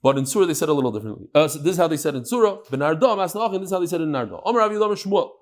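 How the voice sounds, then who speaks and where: Lively high-pitched man teaching Talmud. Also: very fast. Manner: lively, mixes Hebrew-Aramaic terms into English, jokes with listeners. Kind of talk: daily Talmud class.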